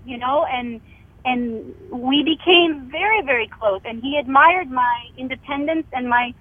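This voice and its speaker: A middle-aged woman tells a family story down a tinny telephone line, slipping into the voices of the people in it. Her voice sits high and has a husky edge. The line sounds dry, with no room around it. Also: measured pace, no room sound. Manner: vivid storyteller, acts out quoted dialogue. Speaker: author and guest. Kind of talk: telling a family story in a radio interview.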